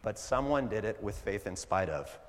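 A man preaching a sermon at a church service, animated and conversational, wandering into asides, in a hall with long reverb. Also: fairly low pitch, moderate pace. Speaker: pastor.

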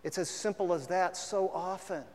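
A man's voice: high voice, normal speed, darkish tone. A man preaching a sermon in a conversational way, at times mimicking half-hearted apologies. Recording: long hall reverb.

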